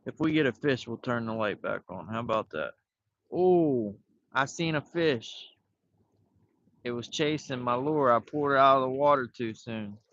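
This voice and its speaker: A man's voice: mid-range voice, lively intonation, normal speed, a bit bright, no echo. A man hosting a fishing livestream outdoors, chatting in a laid-back, rambling way into his phone. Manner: laid-back, talks to himself while fishing. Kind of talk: casual rambling live chat. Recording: dull lo-fi phone audio.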